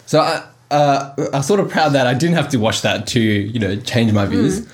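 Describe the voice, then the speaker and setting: A young man on a casual podcast, telling an animated story and laughing often. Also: mid-range voice, moderate pace. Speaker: podcast host. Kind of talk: casual chat.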